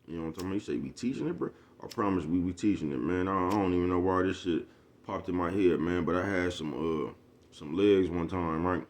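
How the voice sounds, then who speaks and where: Deep low guy ranting on his vlog, heavy slang, cussing, keeps saying you know what i'm talking about. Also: fast. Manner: profane, preachy storytelling. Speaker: vlogger. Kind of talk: casual rant to the camera.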